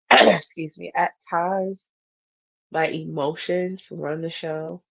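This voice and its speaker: Lively woman podcast host, lo-fi sound. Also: fairly low pitch, takes it slowly, creaky, no echo. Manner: animated, acts out her inner voices. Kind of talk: casual faith talk. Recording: dull, lo-fi sound.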